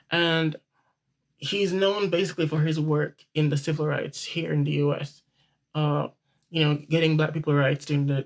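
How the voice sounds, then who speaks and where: A man's voice: fairly high pitch, poor audio. A man giving casual, rambling commentary to his viewers, often restarting and correcting himself. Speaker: online commentator.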